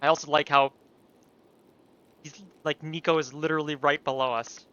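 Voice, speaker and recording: A man giving sweary, animated gameplay commentary with laughing asides. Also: on the high side, normal speed, dull audio, a little hiss or hum. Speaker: let's play streamer.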